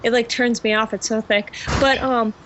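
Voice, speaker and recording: In a muffled lo-fi recording, a Russian woman chats casually as a podcast guest, using a put-on English accent. She gushes and giggles with plenty of fillers. Her voice is fairly high and a bit bright, with fairly even intonation, a moderate pace, and a little hiss or hum in the background.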